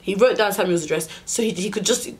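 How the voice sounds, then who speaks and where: Young female vlogger, mid-range pitch; exasperated storytime rant with acted-out dialogue. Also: fast talker. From United Kingdom.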